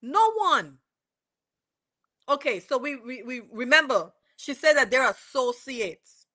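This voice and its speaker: A woman with a Caribbean accent from the Virgin Islands, chatting as a podcast co-host and acting out quoted dialogue in an animated way. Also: high-pitched, slow pace. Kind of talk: casual gossip chat.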